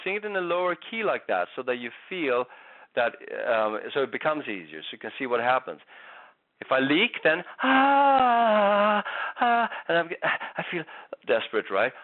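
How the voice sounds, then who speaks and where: A man's voice: mid-range voice, sing-song, brisk, dry recording. A man giving a singing lesson, patiently explaining vocal technique with frequent restarts. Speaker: singing teacher. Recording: tinny phone-like audio.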